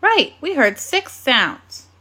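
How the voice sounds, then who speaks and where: A woman teaching a phonics and grammar lesson to young children, speaking slowly and carefully in an encouraging classroom manner. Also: high-pitched, sing-song, pushed and bright.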